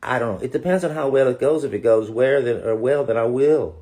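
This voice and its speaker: A man's voice: mid-range voice, brisk, dark tone. A man, a voice actor, answers fan questions on a live stream, reading the chat aloud in a playful, joking way and calling fans darling.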